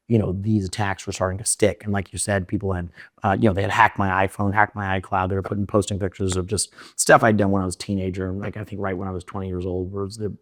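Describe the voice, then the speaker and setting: A young man telling his story in an interview, rushing in run-on sentences full of fillers and restarts. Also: lowish voice, no room sound, clean studio sound. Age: young adult. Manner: fast, run-on talk with many fillers and restarts. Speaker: interview guest.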